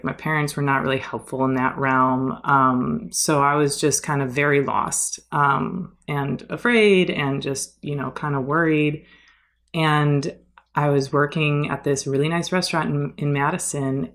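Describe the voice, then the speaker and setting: Young woman guest, low voice, rambling anecdote style, lots of "like" and "um". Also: fairly bright tone. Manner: chatty, many fillers and "like"s. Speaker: podcast guest, yoga teacher. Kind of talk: casual storytelling.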